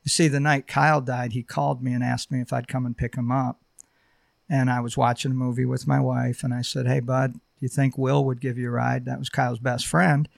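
A middle-aged man sharing a personal testimony on a podcast, halting and heartfelt, with many fillers. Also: mid-range voice, flat delivery, creaky, no echo, clean studio sound. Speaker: podcast guest.

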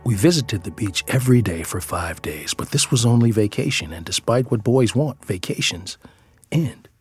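A man's voice: lowish voice, lively intonation, moderate pace. A father telling a scripted personal story in a reflective, tender way, sometimes dropping to a whisper, over background music.

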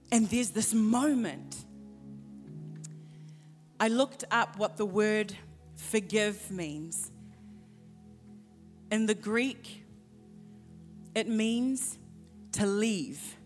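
A woman pastor preaching a sermon, impassioned, sometimes dropping to hushed asides. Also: mid-range voice, very slow, pauses often, big-room sound, faint music behind.

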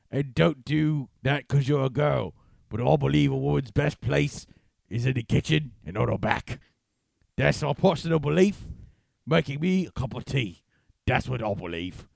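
A man's voice: a little high, creaky, a little mellow, no echo, clean studio sound, heavily acted. A man voicing a blustering old-fashioned British male boxer in a put-on British accent. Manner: blustering, proclaiming opinions.

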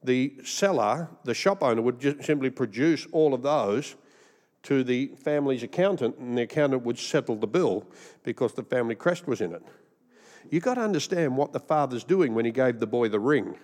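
A man's voice: mid-range voice, expressive, moderate pace, a little mellow. A male pastor with an Australian accent, preaching a humorous storytelling sermon. He rambles through jokey stories and laughs at his own punchlines. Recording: long hall reverb.

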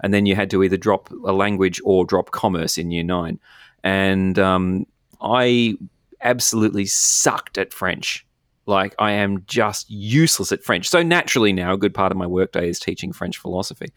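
A philosopher guest with an Australian accent chats casually, rambling, self-deprecating and laughing often. His voice is deep and fairly bright at a moderate pace, recorded in a clean studio with no echo.

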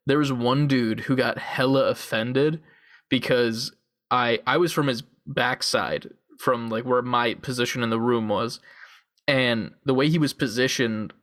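A man's voice: mid-range voice, steady tone, unhurried, a bit bright. Laid-back young man on a podcast mic. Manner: laid-back, profane, full of "like" fillers. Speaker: podcast co-host. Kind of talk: casual podcast chat. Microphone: desktop USB condenser mic on a call.

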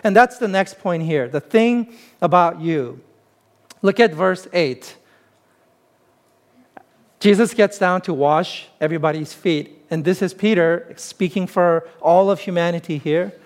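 A man's voice: high voice, measured pace. A man preaching a sermon as pastor, in a conversational way that keeps posing rhetorical questions to the congregation.

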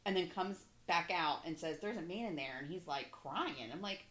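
A woman in her thirties telling a story in casual chat, animated and profane, acting out the people in it. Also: fairly low pitch, moderate pace, echoey room. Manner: animated, profane, acts out voices in her stories.

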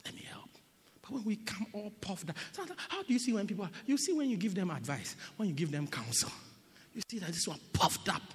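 A man preaching a sermon as a bishop. He swings from shouting to near-whispering and teases the congregation. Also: high-pitched, very animated, quick pace, husky. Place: church hall. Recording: long hall reverb.

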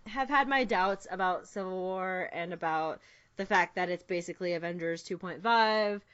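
A woman's voice: fairly low pitch, a bit bright, clean tone, dry recording, muffled recording. A young woman chatting casually as a podcast co-host, giggly and gushing, with lots of fillers. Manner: giggly, quick, gushing fan talk with many fillers. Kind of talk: casual chat.

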